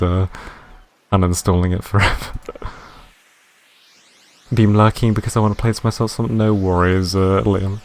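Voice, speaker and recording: A man streaming a game live, reading its narration in a deadpan way and chatting with viewers. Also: on the low side.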